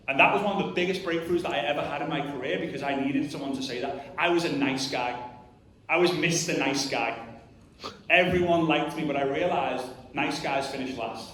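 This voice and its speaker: Male motivational speaker, slightly high voice, direct and punchy with the crowd; distant mic, big echoing hall. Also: brisk, fairly bright tone, slight background noise. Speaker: motivational speaker at a network marketing event. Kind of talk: live motivational talk to an audience. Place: large hall with a live audience. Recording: very echoey hall recorded from far off.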